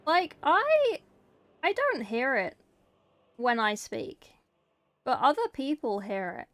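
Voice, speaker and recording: A woman's voice: high voice, huge pitch swings, slow pace, no room sound. A woman from England and New Zealand, with an English accent that carries New Zealand traces, chatting playfully with viewers while she paints miniatures and answering the chat in short bursts.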